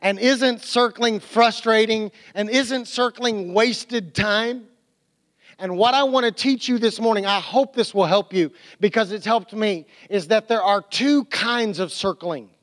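A man preaching a sermon as a pastor, animated, with restarts and quotes he acts out. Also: high-pitched, unhurried.

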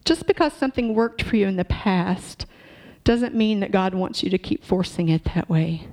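A woman's voice: medium pitch, expressive, moderate pace, mellow. A woman preaching a sermon in a church, talking conversationally and asking the congregation questions.

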